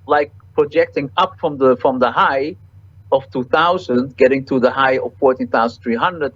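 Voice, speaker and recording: A man being interviewed as a market cycle analyst, answering in halting sentences with repeated words and many fillers. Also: mid-range voice, lo-fi sound.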